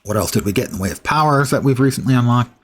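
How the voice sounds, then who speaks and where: A man's voice: medium pitch, animated, racing, a little hiss or hum. A man streaming a game, thinking aloud in a casual, musing way. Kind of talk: casual gameplay commentary.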